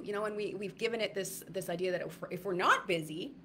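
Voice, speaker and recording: A woman's voice: medium pitch, fast talker, a bit bright, a little hiss or hum. A woman giving a casual livestream talk to viewers, rambling with many fillers and restarts. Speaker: wellness retreat speaker.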